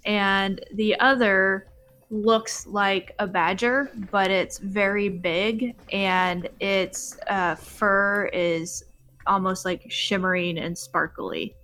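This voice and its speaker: Relaxed woman game master. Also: mid-range voice, slow pace. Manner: relaxed, many ums. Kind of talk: narrating a tabletop game.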